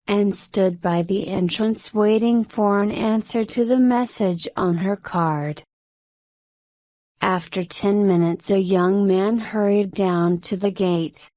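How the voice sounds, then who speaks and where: A woman narrating a novel slowly and carefully for English learners. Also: medium pitch, mellow, dry recording, studio quality. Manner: slow, careful reading.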